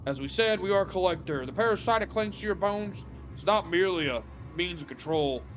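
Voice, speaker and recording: A woman voicing an ancient male plant monster that collects souls, speaking in a slow, mock-folksy cowboy drawl. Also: lowish voice, lively intonation, highs cut off, soft background music, pitched below the performer's own voice, natural voice. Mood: ominous. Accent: cowboy drawl, put-on.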